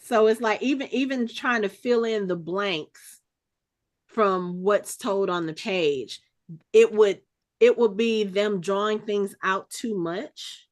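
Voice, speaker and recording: A woman hosting a podcast in casual chat, thinking out loud and restarting her sentences as she speculates. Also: medium pitch, slow. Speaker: podcast host.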